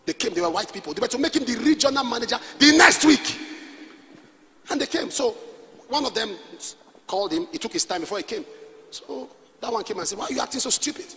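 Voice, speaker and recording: A man with a Nigerian accent preaching a sermon, shifting from quiet asides to shouted calls and leading the congregation in prayer. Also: extremely high pitch, expressive, a little fast, pauses often. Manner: emphatic preaching, alternating soft asides with shouts; leads call-and-response prayer and prays in tongues. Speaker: pastor. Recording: reverberant hall with faint noise.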